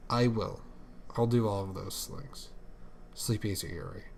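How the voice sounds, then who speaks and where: A man's voice: fairly low pitch, a little slow, gravelly, darkish tone, slight background noise. A man reading the lines of an affectionate, teasing adult male figure skater in a fan fiction, in a fond, playful way.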